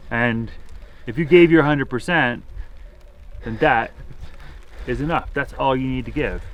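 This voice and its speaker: A man with a bright, sharp-edged voice, talking casually as a cyclist in a vlog. He speaks in a steady, reassuring way. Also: mid-range voice. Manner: steady, reassuring, some fillers.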